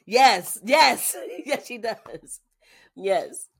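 A woman's voice: fairly high pitch, extremely slow, slightly rough. A woman in her thirties cohosting a podcast, telling family stories in casual chat with lots of laughter. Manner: animated storytelling, frequent laughter.

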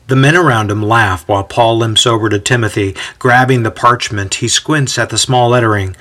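A man giving a measured, scripted story narration. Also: mid-range voice, pushed and bright.

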